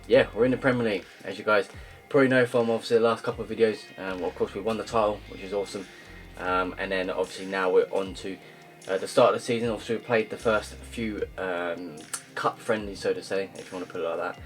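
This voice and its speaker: Young male gaming YouTuber, deep voice, rambling casual commentary, faint guitar music behind. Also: steady tone, brisk, few pauses. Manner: rambling, many ums and uhs, loud upbeat greetings.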